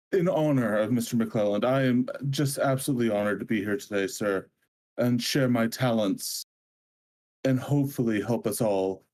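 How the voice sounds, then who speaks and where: Gushing bard showman, male, a man voices him, formal and flowery, mid pitch. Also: a little mellow, close to an everyday voice, low-quality recording. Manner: gushing, overly formal stage greeting. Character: effusive male bard performer.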